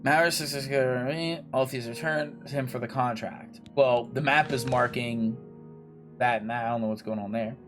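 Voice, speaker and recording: A man's voice: mid-range voice, steady tone, normal speed, music in the background. A young man casually commentating his gameplay, chatty and jokey, swearing freely and talking to himself and the game characters. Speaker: gaming video creator.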